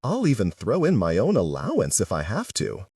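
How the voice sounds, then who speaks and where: A man's voice: on the low side, normal speed, husky, no room sound, exaggerated voice. A man voicing a confident, poised young woman in her late teens. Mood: assured. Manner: calm, assured. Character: confident nineteen-year-old woman, poised. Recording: dry sound, distant mic.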